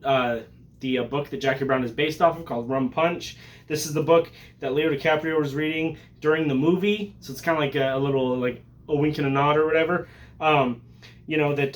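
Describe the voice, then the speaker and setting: A man hosting a casual vlog, excitable and joking, with profanity and sudden loud bursts. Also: mid-range voice. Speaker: collector vlogger.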